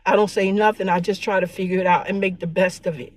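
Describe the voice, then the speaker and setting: A woman's voice: medium pitch, fairly even intonation, quick pace. A tearful woman vlogger talking in an earnest, preachy monologue about faith and herself, often repeating her words. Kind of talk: emotional spiritual vlog monologue.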